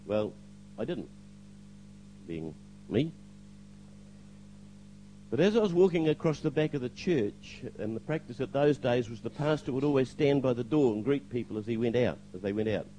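A man's voice: mid-range voice, animated, moderate pace, long pauses, dark tone, a little hiss or hum, poor audio. An older man giving a spoken testimony to a church congregation, hesitant with fillers, now and then acting out the lines he quotes.

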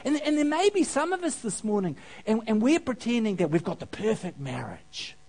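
A man's voice: sits high, very animated, moderate pace, vocal fry, darkish tone. A man preaching a sermon, telling a funny parable and asking the congregation questions. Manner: storytelling, asks the audience questions, laughs at own jokes.

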